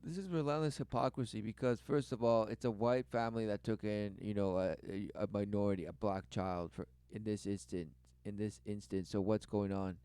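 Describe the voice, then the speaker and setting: A man giving religious commentary over clips, repeating rhetorical questions and swinging between loud bursts and low mutters. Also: fairly even intonation, brisk, few pauses, smooth, no room sound. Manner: repetitive rhetorical, keeps asking "who knew". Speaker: online commentator.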